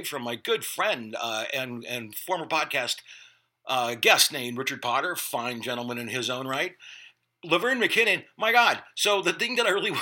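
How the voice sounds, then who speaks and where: A middle-aged man talks as a podcast host, his pitch swinging widely as he jokes about himself, laughs easily and swears without care. His voice has a sharp, very bright edge. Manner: jokey, self-mocking, swears freely, laughs often. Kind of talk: casual podcast monologue and interview.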